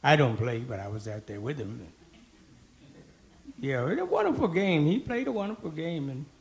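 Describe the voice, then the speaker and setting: A man doing stand-up, telling old-school jokes with a gravelly voice and jumping high in pitch for the people in his stories. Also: big pitch swings, normal speed. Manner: old-school punchline delivery, jumps up in pitch for quoted characters. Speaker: stand-up comedian.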